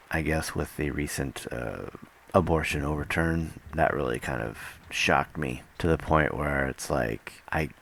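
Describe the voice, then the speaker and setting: A man's voice: a bass voice, gravelly, a bit bright. A man vlogging off the cuff, rambling and hesitant as his thoughts come to him. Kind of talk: unscripted casual vlog.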